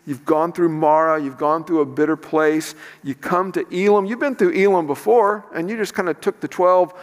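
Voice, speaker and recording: A pastor preaching a conversational sermon, asking the listeners questions and slipping in sarcastic asides. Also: male voice, a little high, normal speed, long reverb tail.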